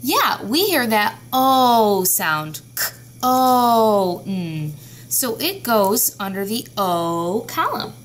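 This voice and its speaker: A woman's voice: a little high, fairly bright tone, slight background noise. A woman teaching a children's phonics lesson, patiently sounding out each letter and word. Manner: slow, patient, sounding out words.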